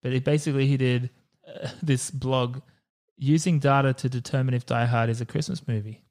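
A man's voice: mid-range voice, fairly even intonation, darkish tone. A man co-hosting a podcast, reviewing a movie in a chatty, casual way and laughing often. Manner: chatty, quick to laugh, thinks aloud. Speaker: podcast co-host.

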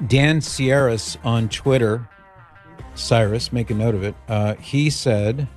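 A middle-aged man hosting a talk radio show, telling stories in a relaxed way with fillers, in a studio. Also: medium pitch, takes it slowly, faint music behind. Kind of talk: casual talk radio chat. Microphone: studio microphone.

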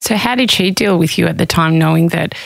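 A woman podcast host asking gentle, probing questions in an interview. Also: fairly low pitch, brisk, vocal fry, no room sound, rough recording. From Australia.

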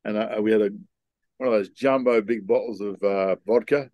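A man's voice: fairly low pitch, moderate pace, darkish tone, no room sound. An older man, a podcast guest telling stories in a frank, rambling way with many ums and restarts. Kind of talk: casual storytelling conversation.

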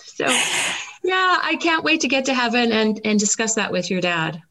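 A woman's voice: on the high side, very animated, moderate pace, pushed and bright, low-quality recording. A middle-aged woman, a guest, telling an emotional faith story in an interview, with many fillers.

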